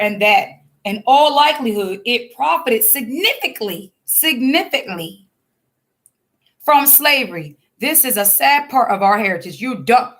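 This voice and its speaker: High, bright-voiced fiery woman commentator. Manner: blunt, scolding and preachy, with frequent restarts. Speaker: online commentator. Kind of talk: fiery religious commentary vlog.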